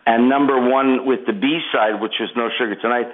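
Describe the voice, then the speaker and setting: A man's voice: medium pitch, fairly even intonation, moderate pace. Older Canadian man on a phone line. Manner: easygoing storyteller, hesitant with many fillers. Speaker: guest musician. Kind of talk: phone interview. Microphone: telephone.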